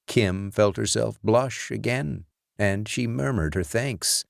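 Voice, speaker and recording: A man narrating a horror audiobook in a slow, deliberate storytelling manner. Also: on the low side, creaky, no room sound, studio quality.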